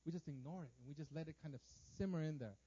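A man's voice: on the high side, racing, dark tone, husky, dull audio. A man preaching a sermon in a casual, conversational way, often repeating words and checking in with "right?". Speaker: pastor.

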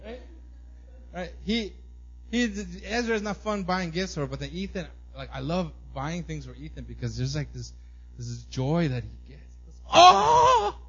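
A pastor in his thirties preaches a conversational sermon full of family stories, often tossing in "right?" and animatedly acting out his son's excited squeals. His voice is a little high with a breathy edge at normal speed, and the recording is muffled.

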